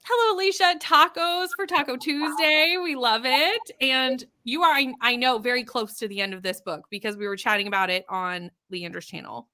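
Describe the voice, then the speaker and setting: A Canadian woman hosts a casual live stream, greeting viewers one by one and reading their comments aloud. Her voice sits high and sounds bright and clear. She keeps the talk light and conversational. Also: normal speed, hardly any pauses. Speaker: livestream host.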